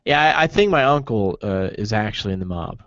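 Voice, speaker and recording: A man's voice: fairly low pitch, animated, a little fast, a bit bright, no echo. Male podcast host, joking storyteller, dry and dull lo-fi sound. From New Jersey. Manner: rambling storyteller, joking, lots of fillers. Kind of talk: casual chat.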